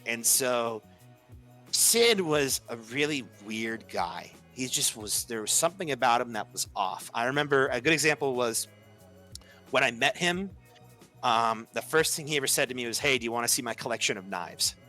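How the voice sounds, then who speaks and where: Bright-voiced young man telling a story. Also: mid-range voice, animated, moderate pace, soft background music. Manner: chatty, heavy use of "like", acts out quoted lines. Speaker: podcast storyteller. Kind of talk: casual storytelling.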